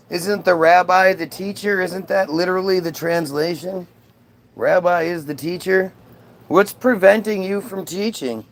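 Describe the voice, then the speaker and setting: A man's voice: high voice, vocal fry. A man ranting sarcastically and profanely on a live stream, mocking someone in chat. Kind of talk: heated live-stream rant.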